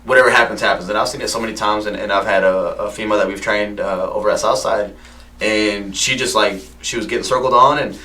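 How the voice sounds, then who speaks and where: A man's voice: on the low side, fairly even intonation, quick pace, sharp tone, distant mic, low-quality recording. A man hosting a casual podcast chat, laughing often and stumbling over repeated words. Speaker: podcast host.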